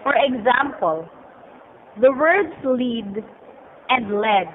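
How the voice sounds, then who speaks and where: A woman reads a lesson slowly and carefully, pausing between phrases. Her voice sits fairly high, and it sounds tinny and thin, like a phone line, with faint noise underneath. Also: animated. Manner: careful, halting reading. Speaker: student presenter. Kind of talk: slow read-aloud lesson.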